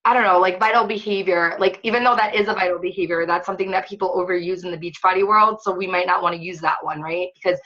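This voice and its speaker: A woman's voice: lowish voice, steady tone, fast talker, few pauses, pushed and bright, dull audio. A woman fitness coach leading a casual online training webinar, chatty and upbeat with lots of filler words.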